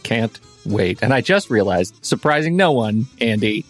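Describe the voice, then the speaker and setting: A podcast co-host with a lowish voice and moderate pace chats about film in a playful, jokey, animated way. He's recorded on a studio microphone, with faint music in the background.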